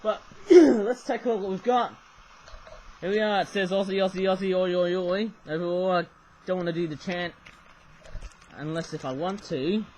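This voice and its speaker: His voice sits high with a darkish tone, moving at normal speed with long pauses, and the rough webcam recording carries a little hiss or hum. He's casually reviewing toys on his own channel, rambling and repeatedly tagging on "though, eh?".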